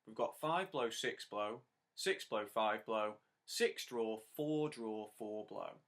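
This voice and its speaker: A man's voice: on the low side, lively intonation, fairly bright tone, soft background music. A man teaching a harmonica lesson step by step, patiently counting in and praising the learner. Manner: counts in and sings lines slowly; encouraging, patient.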